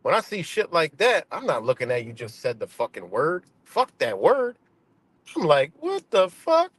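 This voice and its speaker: A man's voice: fairly high pitch, sing-song, normal speed, a bit bright, husky, no room sound. Heated, swearing man ranting live. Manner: profane, confrontational, repetitive. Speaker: streamer. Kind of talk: heated live-stream rant.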